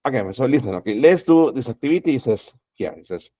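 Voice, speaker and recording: A man leads an English class in an encouraging, repetitive way. His voice sits at an ordinary middle pitch. The recording sounds a little dull and lo-fi. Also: expressive, quick pace, few pauses, warm tone, no room sound. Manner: encouraging, repeats "okay" and "exactly" often. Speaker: English teacher.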